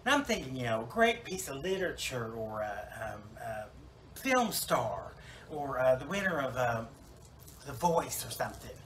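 A man's voice: medium pitch, sing-song, a little slow, a bit bright, slight background noise, poor audio. A man playing Wenda, a rambling dead salon lady. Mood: wry rambling. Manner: rambling, full of fillers and restarts, wry. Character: chatty, self-absorbed woman salon owner, newly dead in heaven. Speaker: preacher in character. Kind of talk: comic church monologue.

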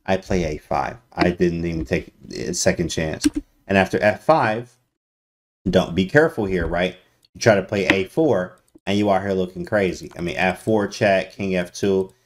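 A man streaming chess analysis to his chat in a casual, slangy way with sudden loud exclamations. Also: deep voice. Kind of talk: casual livestream commentary.

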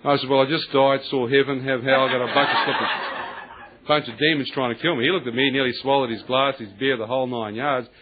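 A man giving a lively, colloquial testimony sermon, acting out the voices of others and laughing often. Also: mid-range voice, fast talker, a crowd in the background. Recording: tinny lo-fi, husky.

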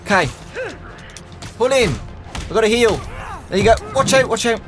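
A young man giving excitable let's-play commentary, shouting and laughing as he plays, over game music. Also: high voice, moderate pace. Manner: excitable, loud exclamations, giggly, talks to viewers as "boys". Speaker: gaming YouTuber.

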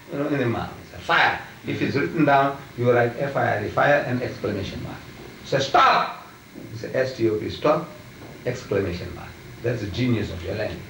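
Older man, emphatic debater, repeats his questions, raised pitch, distant mic, faint room hum. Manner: emphatic, repetitive, drilling questions. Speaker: debating preacher. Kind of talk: heated religious debate. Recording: roomy and distant, faint ambience.

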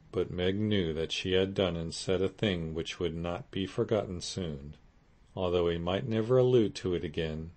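A man narrating a classic novel as an audiobook in a steady, measured way. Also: sits low. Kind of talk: scripted narration.

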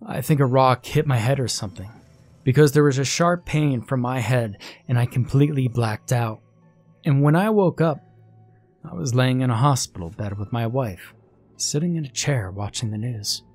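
A man narrating a first-person horror story in a wry, unhurried way. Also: medium pitch, darkish tone, faint music behind.

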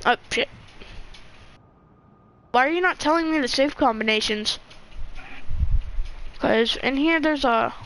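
A young woman plays through a game and keeps up a running commentary, cursing and talking to herself. She speaks slowly and sits a little above the usual pitch. A faint hiss runs underneath. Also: fairly bright tone. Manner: swears constantly, talks to herself and the screen. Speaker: gamer. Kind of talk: gameplay commentary.

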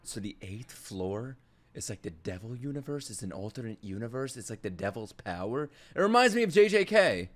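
Excitable man reacting to anime. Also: mid-range voice, moderate pace. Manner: excitable, exclaims and laughs often; swears freely and talks to viewers as "y'all". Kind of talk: casual reaction commentary.

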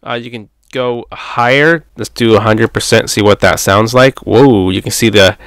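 A tech reviewer with a lowish voice casually demos a USB condenser microphone in his home setup, speaking at normal speed. He's relaxed and chatty, thinking aloud as he tries the settings, and his distance from the mic changes as he goes. The sound is studio quality with no room sound.

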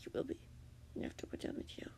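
A woman's voice: high voice, sing-song, brisk, creaky, a little mellow, slight background noise, voice pushed up, heavily acted. Woman voicing a cruel taunting male captor. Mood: menacing. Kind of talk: amateur fanfiction reading.

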